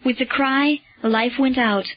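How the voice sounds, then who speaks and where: A woman's voice: sits high, steady tone, no echo, soft background music. Woman narrating a solemn storybook. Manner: measured, solemn. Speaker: audiobook narrator. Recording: dull lo-fi recording.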